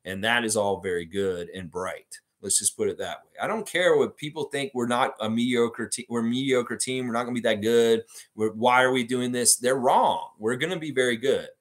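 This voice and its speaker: A man hosts a casual live stream about basketball and talks in a loose, rambling way. He reads viewer comments aloud and reacts to them with animated energy. His voice sits at an ordinary mid pitch. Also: moderate pace, hardly any pauses. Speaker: sports channel host.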